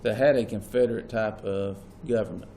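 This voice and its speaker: A man's voice: lowish voice, fairly even intonation, a little fast, mellow, a little hiss or hum. A man teaching a classroom lesson. He keeps asking the class questions and repeats the key points. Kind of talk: classroom lecture.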